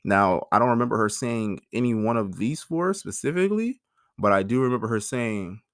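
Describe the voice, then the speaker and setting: A man's voice: medium pitch, expressive, fairly quick, fairly bright tone, no room sound, studio quality. A man in his thirties hosting a personal monologue, talking in an emotional, frank way and swearing freely. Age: 30s. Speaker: podcast host.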